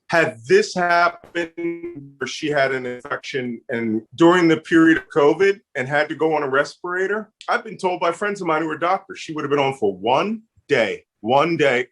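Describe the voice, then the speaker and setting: A man's voice: mid-range voice, a bit bright. A middle-aged man with a Philadelphia accent, a guest telling personal stories in an earnest, heartfelt way with touches of humor. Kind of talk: casual interview storytelling.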